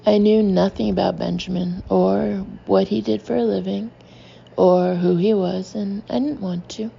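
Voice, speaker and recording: A woman reads her memoir with wry, deadpan humor in a slow, gravelly voice. Her tone is mellow and warm. The recording sounds a little dull, with a faint hiss underneath. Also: mid-range voice. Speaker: memoir narrator. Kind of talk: audiobook memoir narration.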